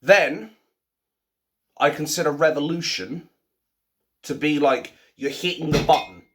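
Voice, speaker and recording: A man in his thirties talking at home in a casual ranting monologue, swinging between low muttering and loud outbursts. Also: moderate pace. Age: 30s. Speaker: vlogger. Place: at home, by the sink.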